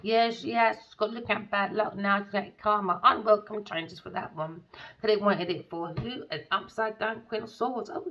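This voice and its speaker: A woman's voice: mid-range voice, fairly bright tone, highs cut off. A woman doing a tarot reading as a scornful, sarcastic rant, swearing and calling people darling. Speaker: tarot reader.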